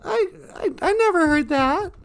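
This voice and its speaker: A man's voice: extremely high pitch, expressive, moderate pace. A man doing a naive little teddy bear. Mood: earnest. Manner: unsure, earnest.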